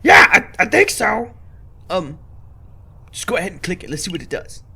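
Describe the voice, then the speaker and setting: A man's voice: sits high, wildly swooping pitch, normal speed, gravelly, sharp tone, breathy edge. A young man with a sore throat chatting casually and swearing while playing a game, with many fillers. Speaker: gaming channel host. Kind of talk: casual let's play chat.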